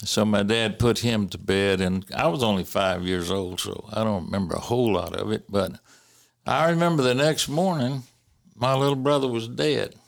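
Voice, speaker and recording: A man casually telling family stories in a halting way, with many fillers and restarts and the odd chuckle. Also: lowish voice, creaky. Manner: chuckles while recalling. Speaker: interviewee recalling family history. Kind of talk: casual storytelling.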